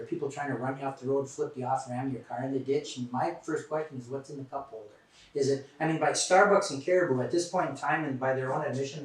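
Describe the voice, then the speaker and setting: Fast-talking man lecturing in an echoey hall. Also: mid-range voice. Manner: animated anecdotes, acts out quoted people, bursts loud when heated. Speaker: substance use prevention presenter. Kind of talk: storytelling lecture to a room. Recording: very echoey room, voice from far off the mic.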